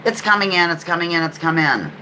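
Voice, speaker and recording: Reading clues aloud in a laid-back livestream quiz, this woman talks fast, chats between questions and throws in playful asides. Her voice is lowish, bright and forward. The audio is poor, with faint noise behind her.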